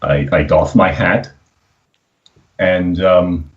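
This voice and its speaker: A man's voice: low voice, fairly even intonation, very slow. A man playing a tabletop role-playing game over a video call that cuts out, hesitant and full of fillers. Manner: hesitant, many fillers and restarts. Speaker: player. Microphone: video call, cutting out. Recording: dull lo-fi call audio.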